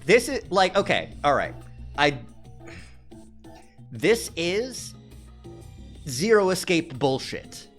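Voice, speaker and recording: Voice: medium pitch, sing-song, takes it slowly, long pauses, soft background music. Grappige streamer met levendige stem. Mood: amused. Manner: joking, wry, swears casually. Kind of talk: casual let's-play commentary.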